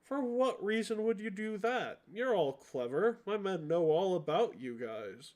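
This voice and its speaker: A man's voice: high-pitched, very animated, a little mellow, pitched above the performer's own voice. A man doing a sly crowned kobold chief. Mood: mocking. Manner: laughing, taunting, drawn-out questions.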